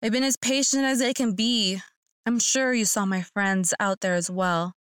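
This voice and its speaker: A woman voicing a cold, sinister young man bound to shadows, speaking flatly and mockingly. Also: mid-range voice, moderate pace, clean tone, no echo, clean studio sound, close to an everyday voice.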